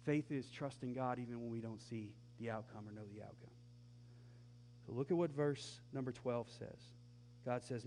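A man preaching a sermon as pastor, conversational and animated, acting out the lines of the people in his story. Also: mid-range voice, moderate pace, slight background noise.

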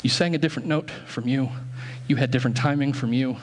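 He's a pastor with a steady mid-range voice who talks quickly, recorded with a bit of hiss or hum. In the church sanctuary he jokes with the congregation while directing them through a singing exercise as part of his sermon.

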